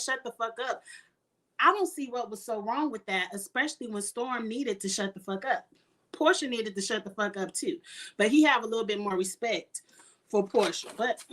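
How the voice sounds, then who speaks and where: A middle-aged woman giving a blunt, profane recap of a reality show live, clearing her throat often. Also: fairly high pitch, fairly bright tone. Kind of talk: casual live recap with commentary.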